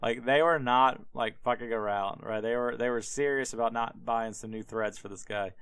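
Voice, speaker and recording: A man with a smooth, resonant voice at a middle pitch retells an old story as loose, irreverent podcast chat. He swears freely and pads his talk with fillers. The sound is dry and close. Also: normal speed, a bit bright, no room sound. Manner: irreverent, profane, heavy on fillers. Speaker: podcast host. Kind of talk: casual comedic retelling of a Bible story.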